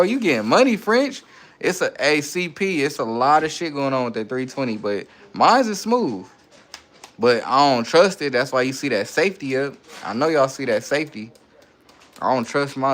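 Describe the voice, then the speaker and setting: Laughing frequently, a man running a relaxed livestream reads out comments from viewers and responds in easygoing banter full of slang. He speaks in a mid-range voice that's a bit bright.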